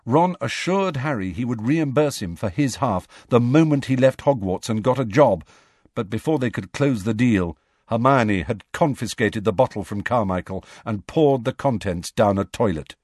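A man reading a novel aloud as an audiobook narrator, with expressive storytelling. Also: mid-range voice, normal speed, no echo, clean studio sound. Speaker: audiobook reader. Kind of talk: scripted narration.

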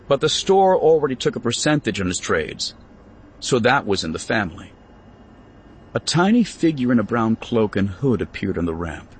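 A man narrating a novel in a measured, expressive storytelling voice. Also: mid-range voice, a little hiss or hum. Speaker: audiobook narrator. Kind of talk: scripted narration.

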